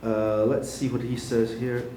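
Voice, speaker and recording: A man's voice: medium pitch, level tone, warm tone. Man tutoring, thinking aloud. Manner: thinks aloud, halting, self-correcting. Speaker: English writing tutor. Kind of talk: classroom editing session. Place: classroom. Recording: echoey room with faint noise.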